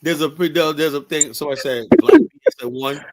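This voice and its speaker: A man hosting a heated casual debate show, talking in an animated, repetitive way and swearing often. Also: on the high side, normal speed, a loud crowd. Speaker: host.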